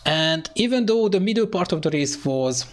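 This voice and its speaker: A man commentating an online sim racing event, excitable and hesitant, with phrasing and lots of fillers. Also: a little high, normal speed. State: out of breath. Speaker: race commentator.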